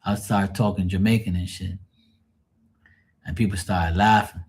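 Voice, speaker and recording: A man's voice: low voice, steady tone, moderate pace, pauses often, a little mellow, husky. A man chatting casually to his livestream viewers, rambling and swearing freely in a joking way. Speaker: livestream host.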